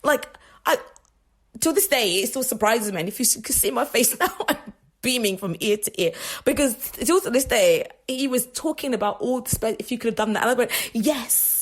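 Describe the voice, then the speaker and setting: A woman with a slightly high voice and lively intonation speaks at a moderate pace while hosting a faith radio show. In this casual faith talk monologue, she tells personal stories in a chatty, rambling way, laughing often and restarting frequently.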